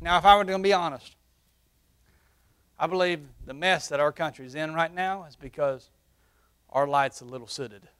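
A man preaching a sermon through a face mask, surging into loud, emphatic peaks and then dropping to hushed, low passages. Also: moderate pace, long pauses, clear, resonant tone. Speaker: pastor. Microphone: wearing a face mask while preaching.

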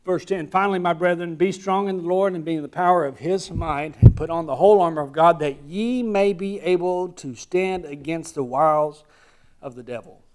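A man with a Southern American accent preaching a sermon, swinging from quiet asides to loud, emphatic declarations. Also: on the high side, moderate pace. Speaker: pastor.

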